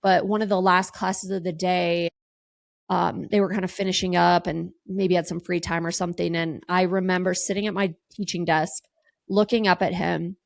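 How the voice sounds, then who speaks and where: A woman's voice: lowish voice, little pitch movement, moderate pace, creaky, dry recording. Emotional woman telling a raw personal story. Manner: emotional, raw, swears casually, lots of fillers. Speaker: podcast host.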